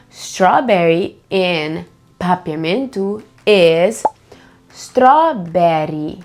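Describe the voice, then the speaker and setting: Woman, children's language teacher, very slow and sing-song, faint music bed. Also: medium pitch, sing-song. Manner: slow and patient, repeats each word and prompts children to echo.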